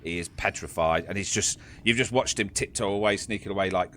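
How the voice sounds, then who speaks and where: A man's voice: low-pitched, fairly quick, fairly bright tone, slight background noise. A man narrating as game master in a casual, joking manner. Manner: casual, laughing, swearing narration.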